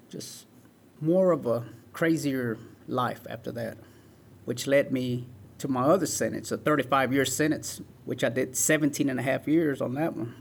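This creaky, mid-range voice belongs to a man in his forties who is a guest in an interview. He tells his life story earnestly, often saying "man" and "right."

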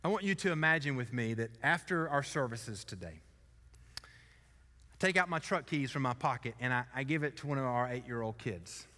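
A male pastor with a medium-pitched, expressive voice tells a story during a sermon in a large hall, speaking at a moderate pace. He is earnest, building to loud, emphatic peaks before dropping to quiet conclusions.

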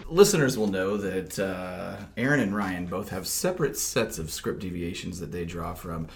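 A man's voice: low voice, moderate pace, gravelly, noisy background. A man co-hosting a casual podcast, talking in a laid-back, rambling way with lots of fillers. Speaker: podcast co-host.

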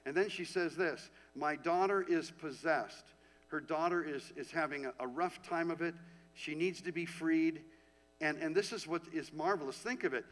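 A man's voice: fairly high pitch, normal speed, a bit bright, low-quality recording. A man, a pastor, giving a sermon, reading scripture aloud and speaking to the congregation with rhetorical questions.

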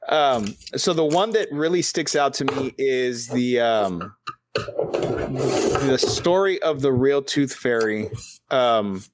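A man's voice: mid-range voice, expressive, takes it slowly, background noise. A man hosting a podcast in casual chat, telling stories loosely with lots of swearing and filler words. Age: adult father. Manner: loose and profane, full of fillers. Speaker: podcast host.

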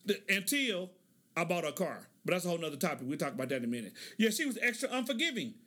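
A man's voice: high-pitched, very animated, very fast, fairly bright tone. A middle-aged man hosting a casual monologue, telling stories in a laid-back way, laughing often and acting out the lines of the people in them. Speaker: podcast host.

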